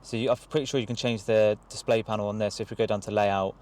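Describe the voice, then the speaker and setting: A young man with an excitable, rushing manner and casual slang, filming a car review vlog from inside a car. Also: lowish voice. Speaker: car vlogger. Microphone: camera held by someone else.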